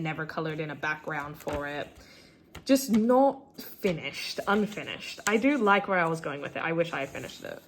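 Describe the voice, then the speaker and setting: A teenage girl from Australia talking casually about her sketchbook, full of "like" and "um", self-deprecating, with squeals of delight over her favourite characters. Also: fairly low pitch. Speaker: artist showing her sketchbook. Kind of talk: casual chat.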